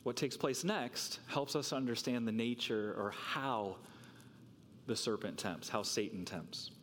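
A man's voice: medium pitch, measured pace, a bit bright, big-room sound, a little hiss or hum. A man preaching a sermon, talking with rhetorical questions and repeating words as he works through a passage.

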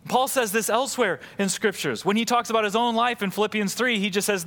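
A man's voice: high-pitched, quick pace, fairly bright tone, long reverb tail. A man preaching a sermon, reading scripture and then explaining it with emphatic rises and drops.

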